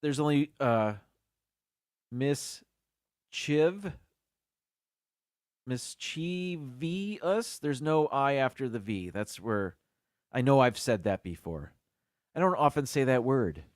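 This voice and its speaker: A man's voice: mid-range voice, animated, moderate pace, no echo, studio quality. A man hosting a casual live stream by himself, chatting as he thinks aloud. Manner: chatty, muses aloud about word pronunciations.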